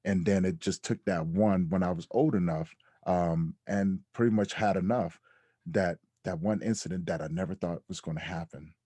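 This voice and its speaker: A man on a podcast as a guest, telling his personal story in a reflective way that turns animated when he quotes others. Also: deep voice, moderate pace, husky, no echo. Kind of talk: candid storytelling interview.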